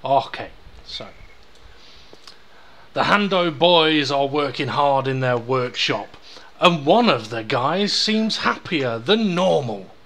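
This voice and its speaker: A man's voice: medium pitch, expressive, slow pace, fairly bright tone. A man hosting a casual comedy podcast, setting up sketches and teasing his co-hosts. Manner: directing, teasing. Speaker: podcast host.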